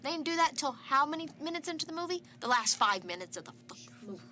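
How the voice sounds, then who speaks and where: A young woman gives blunt, punchy film verdicts in short bursts, swearing freely in casual chat. Her voice is bright and forceful and pitched a touch high. A faint hum sits behind her. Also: very animated, racing. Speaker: film reviewer.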